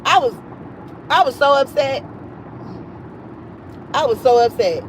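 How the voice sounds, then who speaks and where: Woman livestream host, high voice, casual profane storytelling, acts out quotes. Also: slight background noise, low-quality recording.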